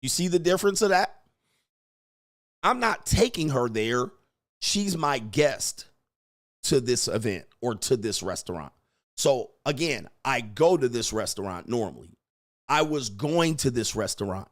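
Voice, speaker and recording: A man's voice: expressive, a little slow. A man giving dating advice in a blunt, emphatic monologue, swearing freely and acting out quoted lines. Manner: acts out quoted lines with rising pitch. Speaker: dating coach. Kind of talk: casual monologue.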